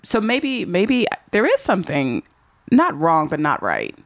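Lively low-voiced woman podcast host. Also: a little slow, no echo. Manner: animated, repeats words for emphasis. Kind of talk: casual interview chat.

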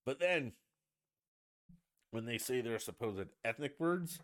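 A man's voice: mid-range voice, expressive, slow. A man hosting a casual solo podcast from the United States, ranting bluntly and swearing freely. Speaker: podcast host.

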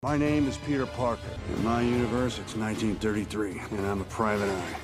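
Man as a weary noir gumshoe, deadpan, film clip over loud score. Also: lowish voice, brisk, close to an everyday voice, rough recording. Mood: brooding. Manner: deadpan, world-weary monologue. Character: brooding 1930s male private eye. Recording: film clip with music behind. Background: loud music.

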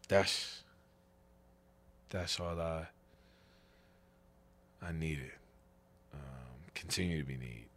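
A man in his thirties giving an earnest, halting faith testimony as a podcast guest, tearful. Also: rumbling low, fairly bright tone, slight background noise. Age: 30s. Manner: halting, restarts often, earnest and tender.

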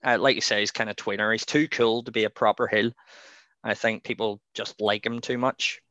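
A man's voice: fairly low pitch, level tone, normal speed, sharp tone, no room sound, lo-fi sound. A man co-hosting a podcast, chatting casually with a rambling, opinionated manner and frequent laughs. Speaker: podcast co-host. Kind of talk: casual chat.

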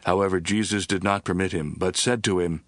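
Casting: a steady male narrator for a scripture audiobook, lowish voice, measured, dry booth sound. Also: no echo. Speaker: scripture reader. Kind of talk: scripted Bible reading.

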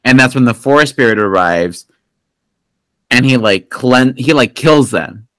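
Male podcast host, mid-pitched, rambling and profane, dry close sound. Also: animated, a little slow, fairly bright tone, no room sound, poor audio. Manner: rambling, profane, full of fillers and restarts. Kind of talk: casual movie recap chat.

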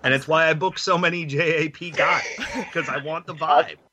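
A man, a wrestling promoter, talking earnestly on a podcast with many halting restarts. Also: on the high side, fairly even intonation, sharp tone, muffled recording, slight background noise. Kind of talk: casual podcast chat.

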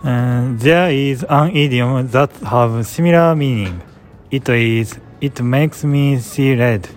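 A man's voice: medium pitch, slow, soft background music. A young man, a student presenting an English idiom and reading a prepared script carefully. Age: young adult.

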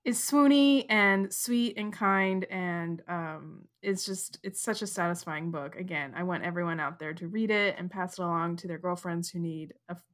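A woman hosting a casual interview, enthusiastic and quick to laugh. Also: fairly low pitch, fairly bright tone. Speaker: interview host.

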